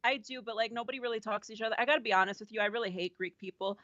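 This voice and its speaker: A woman's voice: a little high, racing, pushed and bright, dry recording, dull audio. A woman guest on a podcast, talking bluntly and candidly, swearing and laughing often. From New York. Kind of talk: casual chat.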